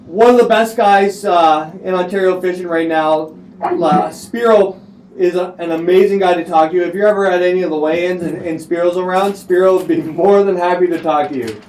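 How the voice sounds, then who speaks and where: High-voiced male host in an echoey room. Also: steady tone, normal speed, darkish tone, far from the mic, slight background noise. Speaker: webcast host. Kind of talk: casual interview.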